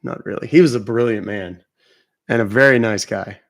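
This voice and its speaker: A man's voice: fairly low pitch, moderate pace. A man hosting a live stream where he calls scammers, telling stories and joking between calls. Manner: joking storyteller, laughs at his own jokes. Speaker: livestream host calling scammers. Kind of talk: casual live-stream chat.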